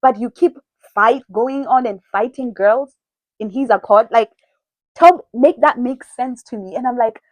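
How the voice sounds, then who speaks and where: Animated young woman telling a storytime. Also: fairly high pitch, a little slow, no echo, poor audio. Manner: animated, quotes people in dialogue, frequent "like" and swearing. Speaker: storytime vlogger. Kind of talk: casual storytime monologue.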